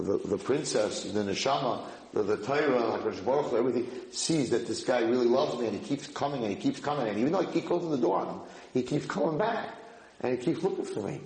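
A man giving an informal Torah class in English, mixing in Hebrew and Yiddish terms and breaking into loud acted-out shouting. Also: medium pitch. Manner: animated, acts out shouting students. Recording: echoey room, faint noise.

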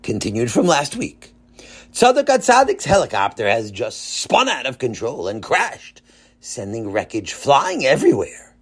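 A storyteller reading a children's story aloud with a lively delivery. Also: mid-range voice, unhurried, breathy edge. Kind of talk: children's story narration with character voices.

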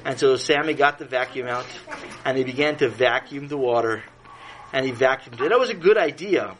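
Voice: mid-range voice, fairly quick, fairly bright tone, low-quality recording. Playful children's storyteller, faint noise. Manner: playful, with asides to the listener.

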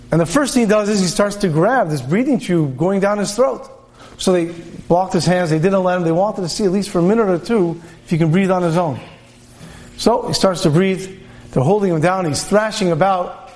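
A man with a high voice delivers a sermon as a lively story. He tells it in an animated way and voices the people in it. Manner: animated storyteller, voices characters with pitch jumps. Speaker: rabbi giving a Torah talk.

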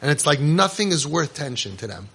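A man's voice: a little high, very animated, creaky, a bit bright, breathy edge. Emphatic man coaching parents. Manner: emphatic and repetitive, with many restarts and quick asides; acts out short exchanges between parents and kids. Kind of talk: casual spoken lecture to parents.

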